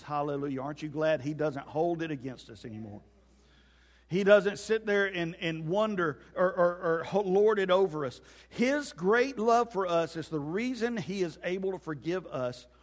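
A man preaches to his congregation with a high, light voice. He tells stories in a folksy way and slips in jokes. The sound carries the long reverb of a church hall. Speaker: pastor. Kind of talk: sermon. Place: church sanctuary.

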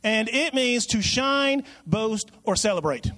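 A man's voice: high-pitched, lively intonation, slow, sharp tone. A man preaching a sermon in a conversational way, often repeating and restarting.

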